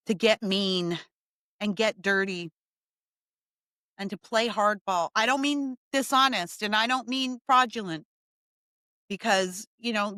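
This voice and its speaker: A woman's voice: mid-range voice, fairly bright tone, no room sound, clean studio sound. A woman hosting a podcast, giving a blunt, fired-up opinion monologue full of emphatic repetition. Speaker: podcast host.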